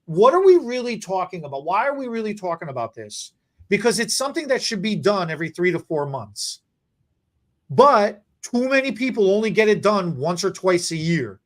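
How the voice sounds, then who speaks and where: A podcast host in casual chat, joking and rambling, often restarting sentences. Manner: animated, joking, rambling with restarts and repeated words; mock infomercial pitch. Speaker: podcast host and stylist educator.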